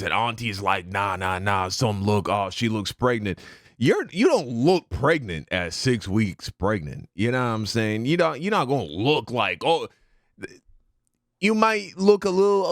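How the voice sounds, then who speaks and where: A man's voice: medium pitch, no echo, clean studio sound. A married man hosting a reaction video, talking things through casually with sudden shocked outbursts. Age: adult, married. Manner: thoughtful, explains at length, sudden shocked outbursts.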